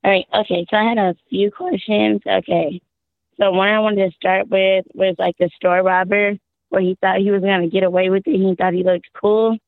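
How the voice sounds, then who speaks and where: A woman from Texas calling into a show, her voice hoarse and worn out, rambling and exasperated with frequent laughs. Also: mid-range voice, fairly even intonation, moderate pace, no echo. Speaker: caller. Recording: tinny phone line.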